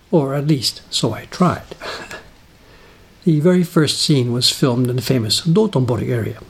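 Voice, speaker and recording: Husky man, dry self-deprecating narration. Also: medium pitch. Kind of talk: scripted personal essay narration.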